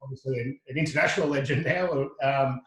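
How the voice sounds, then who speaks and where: A middle-aged Australian man, a podcast guest, tells a lively anecdote full of restarts and quoted dialogue. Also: mid-range voice, a little fast, echoey room, poor audio. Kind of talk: casual storytelling.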